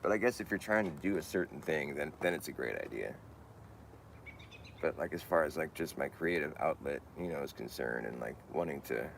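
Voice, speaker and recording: A man with a very low, gravelly voice rambles through a casual monologue. He keeps stopping and restarting his sentences and laughs at his own points. A faint hiss sits under the recording. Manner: rambling, self-correcting, laughs at himself.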